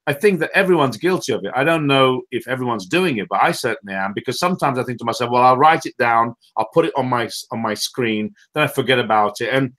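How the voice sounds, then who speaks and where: A man's voice: mid-range voice, lively intonation, fast talker, hardly any pauses, fairly bright tone. A man hosting a team call, friendly and casual, tripping over repeated words.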